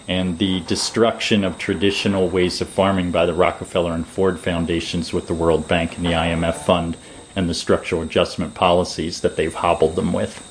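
A man giving long, measured, lecturing answers as a permaculture designer in an interview. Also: low-pitched, a little hiss or hum, low-quality recording.

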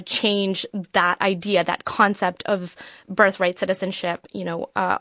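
A woman's voice: medium pitch, a bit bright, dry recording, clean studio sound. A woman immigration reporter explaining a legal issue on a radio news program, thorough and using fillers like "um" and "you know". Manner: thorough, with frequent fillers and restarts.

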